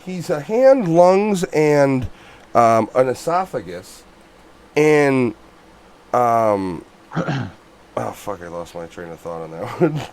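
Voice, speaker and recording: A man in a casual movie podcast chat, blunt and full of curses. His voice sits at an ordinary middle pitch, and he gets loud and animated when he rants. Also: slow, pauses often. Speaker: podcast co-host.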